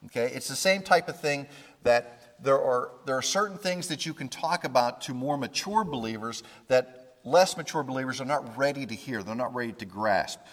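With a medium-pitched, slightly bright voice and a moderate pace, a pastor delivers a conversational sermon in a reverberant hall. He acts out the pleas that figures from scripture make to God, with restarts along the way.

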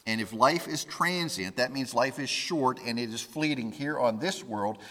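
A man's voice: medium pitch, moderate pace, sharp tone. A man preaching a conversational sermon, voicing the pleas of scripture figures. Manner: conversational, with restarts and quoted pleas to God. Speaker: pastor. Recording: reverberant hall.

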